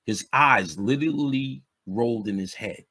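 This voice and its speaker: A man's voice: mid-range voice, moderate pace, bright, forceful tone. A man, telling street stories in a loose, streetwise way with plenty of swearing. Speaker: podcast guest speaker. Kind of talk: casual storytelling chat.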